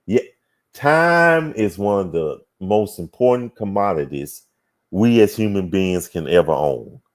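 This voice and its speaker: A man hosting a casual livestream talk show reads out viewer comments, musing over them with hums and sighs, in a low voice with a darkish tone.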